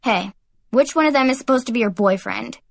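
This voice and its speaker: A woman's voice: a little high, a little fast, vocal fry, dry recording. A wounded young man, voiced by a woman narrator, speaks in a scratchy, weak voice. The sound is dry and close. A wry humor shows through his frailty.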